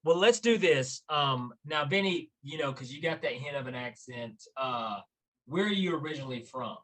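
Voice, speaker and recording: A man's voice: medium pitch, lively intonation, normal speed, pushed and bright, rough recording. A man hosting a casual podcast, asking his guest questions in an eager, friendly way. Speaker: podcast host.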